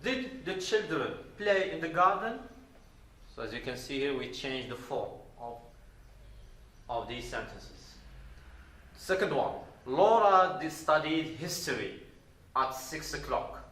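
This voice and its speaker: A man from Morocco teaching an English grammar lesson deliberately, repeating words and spelling out verb endings. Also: a little high, lively intonation, fairly bright tone. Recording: roomy echo.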